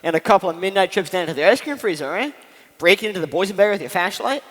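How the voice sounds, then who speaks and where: A man's voice: sits high, animated, fast, a bit bright. A teenage boy acting in a school play as a bossy, tough middle-aged uncle with a street drawl. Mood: teasing. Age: teens. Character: tough, cocky middle-aged uncle, a small-time hood. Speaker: student actor. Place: school auditorium stage. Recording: echoey hall from a room mic.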